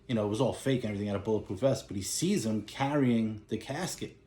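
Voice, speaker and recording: A man's voice: fairly low pitch, fast talker, dark tone, reverberant. A man casually recapping a movie plot in a rambling way, with lots of "you know" and "he's like". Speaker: movie collector recapping a film.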